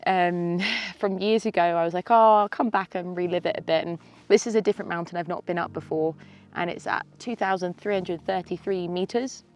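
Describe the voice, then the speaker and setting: A woman's voice: fairly low pitch, fairly even intonation, a little fast. A woman in her thirties talking to camera outdoors on a mountaintop, tearful and sniffly, sighing and laughing between sentences. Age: 30s. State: teary with a snotty nose. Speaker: vlogger. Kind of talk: emotional casual vlog to camera.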